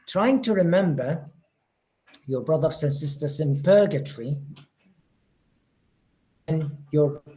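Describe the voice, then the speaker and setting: A man's voice: on the high side, warm tone. Male religious teacher, earnest, often repeats words while finding his phrasing, live study-group session. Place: study day session room with listeners.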